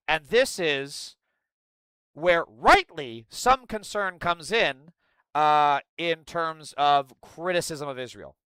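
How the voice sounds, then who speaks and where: Brash, lively male political commentator. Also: on the high side, smooth, dry recording. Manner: blunt, profane and angry.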